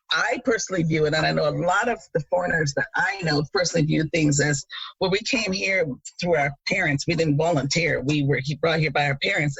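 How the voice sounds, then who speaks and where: A woman in her thirties from Jamaica, co-hosting a podcast and chatting casually, an animated storyteller who laughs often. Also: low-pitched, breathy edge, dry recording, lo-fi sound. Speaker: podcast co-host. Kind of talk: casual chat.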